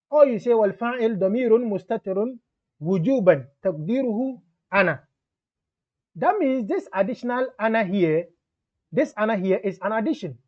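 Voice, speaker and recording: A man with a fairly high voice teaches grammar in a patient, explanatory way. He reads phrases aloud, then breaks them down in English. The recording sounds somewhat dull and lo-fi.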